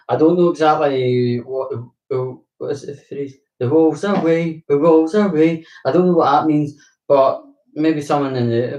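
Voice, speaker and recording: A man's voice: medium pitch, a little mellow, far from the mic, dull audio. A young Glaswegian man chatting casually to his viewers, rambling and swearing with frequent laughs. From Glasgow, Scotland. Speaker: vlogger. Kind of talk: casual chat. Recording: roomy, from the mic.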